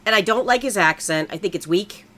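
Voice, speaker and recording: A woman's voice: mid-range voice, a little fast, fairly bright tone. A woman co-hosting a casual movie-review chat, blunt and profane, venting her opinions emphatically. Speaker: podcast co-host.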